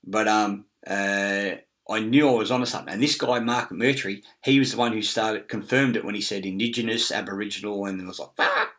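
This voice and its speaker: A man's voice: on the low side, fairly even intonation, fairly quick, fairly bright tone. A middle-aged man, rambling in a casual monologue with many fillers, restarts and frequent swearing. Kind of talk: casual screen-share monologue.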